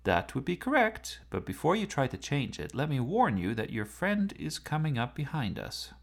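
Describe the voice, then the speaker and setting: A man voicing a talkative, polite self-driving sports car with a precise, matter-of-fact manner, with a lively, gravelly voice. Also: on the high side, normal speed, voice pushed up, exaggerated voice. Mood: chatty.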